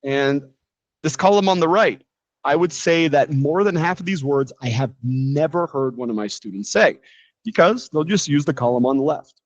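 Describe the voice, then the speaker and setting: American male teacher, relaxed and chatty, slightly muffled lo-fi recording. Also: fairly high pitch, moderate pace, dry recording. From United States. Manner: relaxed, chatty explaining with frequent asides. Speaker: English teacher. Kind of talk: live English lesson. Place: living in Brazil, teaching from a quiet room.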